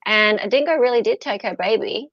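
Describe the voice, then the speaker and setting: A woman's voice: on the high side, fairly quick, fairly bright tone, no room sound. An Australian woman co-hosting a casual live stream, chatty and fond of tag questions. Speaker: co-host streamer. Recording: dull lo-fi stream audio.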